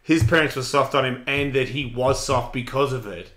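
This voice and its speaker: A man's voice: mid-range voice, normal speed. Blunt man in his forties. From Australia. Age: 40s. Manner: blunt and profane, animated, acts out voices. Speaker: radio show host. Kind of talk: casual chat.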